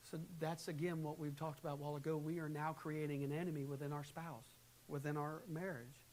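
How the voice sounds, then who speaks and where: Man preaching, lively swings. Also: fairly high pitch, a little fast, poor audio. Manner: animated, swings between quiet and loud, acts out quoted arguments. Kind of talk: sermon. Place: church sanctuary. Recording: faint hiss, live church recording.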